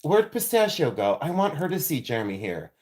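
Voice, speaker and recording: Male livestream host, a touch high-pitched, gushing and chatty with his viewers, laughs easily; casual studio chat. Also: big pitch swings, brisk, a little mellow. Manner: effusive, chatty, laughs often, keeps thanking viewers. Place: jewelry studio.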